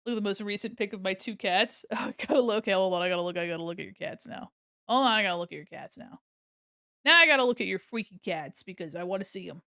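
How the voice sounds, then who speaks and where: A woman's voice: mid-range voice, animated, fast talker, sharp tone, dry recording, clean studio sound. A young adult woman streaming casually while she draws, rambling and giggling often and swearing freely.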